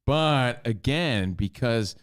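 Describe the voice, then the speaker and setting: A man's voice: mid-range voice, expressive, slow, clear, resonant tone. A man co-hosting a casual sports talk show, arguing and cracking jokes with his partner. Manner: joking, argumentative, teasing back and forth. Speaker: co-host.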